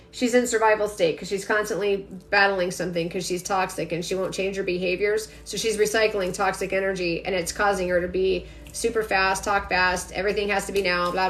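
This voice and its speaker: With a medium-pitched voice, a woman talks quickly and emphatically to her viewers, giving them an intuitive energy reading over a casual phone livestream.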